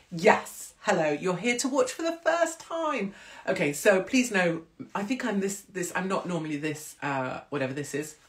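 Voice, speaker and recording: A woman in her forties, hosting a livestream and chatting casually to viewers, telling animated stories and acting out voices. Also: sits low. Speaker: livestream host. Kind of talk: casual chat to live viewers.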